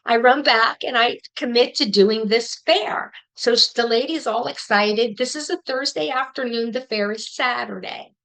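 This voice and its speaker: A middle-aged woman tells her story to a listening audience at a quick, lively clip. Her voice sits a touch high and rings bright and forward, and she gives each turn of the tale plenty of expression. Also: gravelly, poor audio. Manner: fast-talking. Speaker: psychic medium giving a talk.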